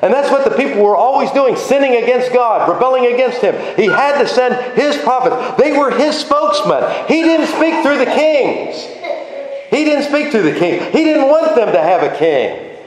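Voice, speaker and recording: A man preaching a sermon with animated emphasis, his voice swinging between high exclamations and low asides. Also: normal speed. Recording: very echoey room with faint noise.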